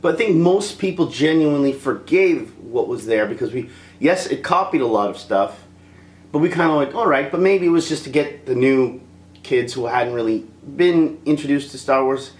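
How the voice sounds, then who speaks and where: A man's voice: medium pitch, lively intonation, moderate pace, darkish tone, roomy sound. A man giving a rambling, casual film review, laughing often and slipping into impressions.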